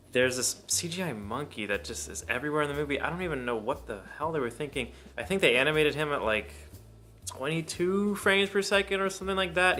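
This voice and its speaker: A man talks through a film review in a loose, rambling way, swearing freely and speaking bluntly. His voice sounds bright and forceful. Faint music plays underneath. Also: medium pitch. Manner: blunt, profane, rambling opinions. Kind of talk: casual spoken film review.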